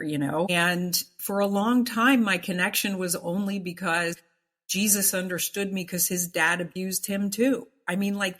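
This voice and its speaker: A woman's voice: on the low side, a bit bright. A middle-aged woman sharing her personal faith testimony in an interview, earnest and emphatic, repeating words for stress. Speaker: interview guest.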